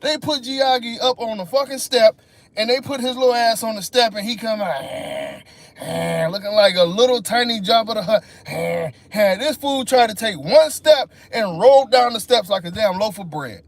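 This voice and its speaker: A man's voice: high-pitched, normal speed, creaky. A man hosting a live stream, ranting in a profane, mocking way. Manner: profane, mocking, animated rant. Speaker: livestream host.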